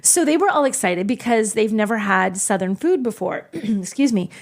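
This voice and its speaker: A middle-aged woman co-hosting a podcast in casual chat, talking quickly with teasing asides. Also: medium pitch, expressive. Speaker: podcast co-host.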